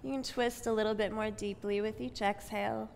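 A woman leading a yoga class with calm, soothing, unhurried guided cues. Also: mid-range voice, creaky, a little hiss or hum. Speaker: yoga instructor. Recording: long reverb from a spacious room.

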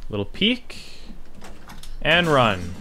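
A young man giving live gameplay commentary, swinging between low mutters and panicked yelps and shouts. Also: wildly swooping pitch, extremely slow. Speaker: gaming YouTuber.

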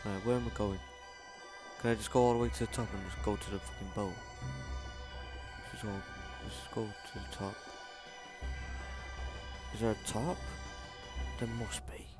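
A young man shouting, laughing and swearing through panicky let's play commentary. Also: fairly low pitch, fairly even intonation, normal speed, pauses often. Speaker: gaming channel host. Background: game music.

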